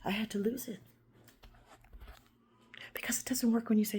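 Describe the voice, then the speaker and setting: A woman vlogging a rambling, confrontational monologue, swinging between loud outbursts and hushed whispers. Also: fairly high pitch, steady tone, normal speed, long pauses, breathy edge. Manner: confrontational, addresses unseen listeners.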